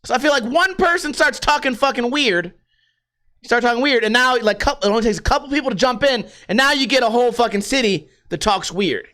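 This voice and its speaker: A man's voice: brisk, pushed and bright. A young man hosting a podcast, ranting in a casual, profane, rambling way. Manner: profane, rambling, swings pitch for emphasis. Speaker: podcast host. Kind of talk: casual rant.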